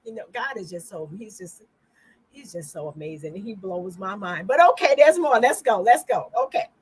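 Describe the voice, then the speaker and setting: A woman hosting a faith podcast who reacts with quick affirmations and faith remarks. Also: medium pitch, animated, darkish tone, slightly rough, rough recording. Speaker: podcast host. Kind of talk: casual faith talk.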